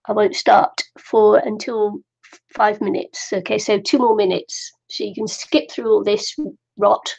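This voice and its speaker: Chatty woman, middle-aged, craft stream host, gravelly, muffled lo-fi sound. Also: medium pitch, darkish tone. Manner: chatty, laughs often, talks to herself. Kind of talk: chatty live stream while waiting for viewers. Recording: dull lo-fi live stream audio.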